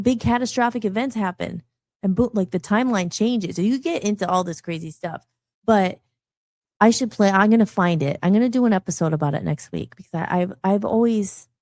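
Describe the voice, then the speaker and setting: A middle-aged woman musician hosting a live radio talk show, rambling and animated, often restarting her sentences. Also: lowish voice, no echo, clean studio sound. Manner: animated, rambling, frequent restarts and self-interruptions.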